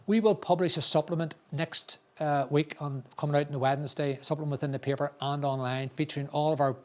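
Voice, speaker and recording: A man's voice: fairly high pitch, fairly even intonation, moderate pace, few pauses. A man hosting an awards ceremony in a chatty, joking way, often restarting his sentences. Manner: chatty, jokey, with frequent restarts. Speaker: awards event host.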